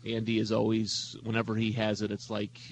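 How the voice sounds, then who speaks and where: A man's voice: on the low side, completely flat delivery, a little fast, a little hiss or hum, rough recording. A man co-hosting a talk show who teases his colleagues in a rambling, casual way. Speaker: co-host. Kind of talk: casual chat.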